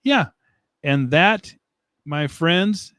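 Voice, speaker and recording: A man's voice: fairly high pitch, lively intonation, drawn-out words, fairly bright tone, no room sound, studio quality. A man hosting a casual live stream, rambling, joking at his own expense and laughing often as he answers chat comments. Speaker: livestream host. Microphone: desk mic, streaming setup.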